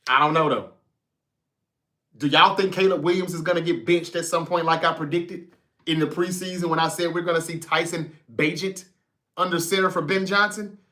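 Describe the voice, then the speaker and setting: A man riffing on football as he reads out his viewers' comments, swearing freely and talking right at his chat. His voice sits a little high and sounds bright and cutting. It is loose, animated livestream talk, never scripted. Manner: profane, animated, talks straight to the chat. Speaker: sports talk show host.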